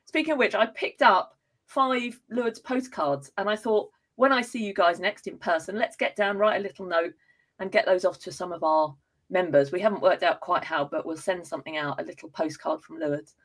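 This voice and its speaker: A woman's voice: on the low side, moderate pace, rough recording. A woman from Hertfordshire with an Estuary English accent, co-hosting a casual chat and laughing easily. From Hertfordshire, England. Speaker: co-host.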